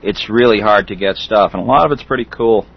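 A middle-aged man hosting a loose radio chat, his fairly low voice coming through dull, lo-fi call audio. He talks haltingly, circling back with fillers and restarts. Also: vocal fry, breathy edge. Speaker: host. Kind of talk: casual internet radio chat.

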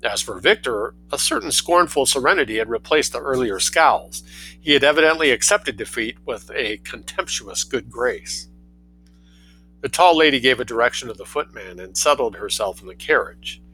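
A man reading a story aloud in a relaxed, lively way, doing voices for the characters. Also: mid-range voice, normal speed, faint music behind, poor audio.

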